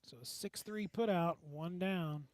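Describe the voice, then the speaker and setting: Male play-by-play caller, local radio baseball, slightly high voice, dry close sound, folksy and easygoing. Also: a little slow, no room sound. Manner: folksy, relaxed banter between pitches. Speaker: play-by-play announcer.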